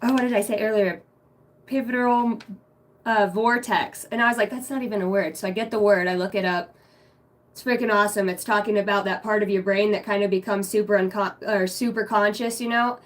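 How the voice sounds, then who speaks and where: A young woman running a casual livestream chat, excitable and swearing freely, dropping low and hushed when she prays. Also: fairly quick. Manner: excitable, swearing, bursts of loud laughter. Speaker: spiritual reader streaming live.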